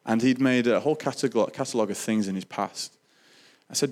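Male speaker, earnest testimony delivery, somewhat low voice, halting with restarts. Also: a little mellow. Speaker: Christian speaker sharing testimony. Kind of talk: personal testimony storytelling.

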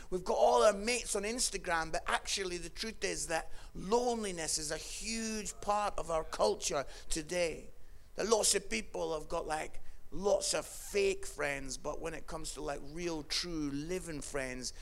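Scottish man preaching with gravelly fry. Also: fairly high pitch. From Scotland. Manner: humorous storytelling, swings from hushed to shouting. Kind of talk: sermon.

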